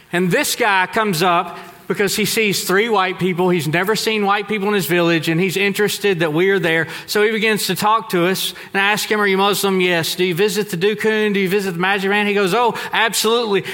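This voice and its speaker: A man from Texas preaches in a large church hall, his high, bright voice carrying a long echo. He tells stories with emphatic turns that drop suddenly soft. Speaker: pastor. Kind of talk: sermon. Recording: echoey hall.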